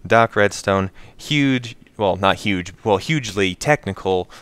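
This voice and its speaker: A man's voice: lowish voice, measured pace, fairly bright tone, clean tone, no echo. An American man hosting his channel, rambling through a casual late-night chat and laughing often. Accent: General American. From United States. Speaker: channel host.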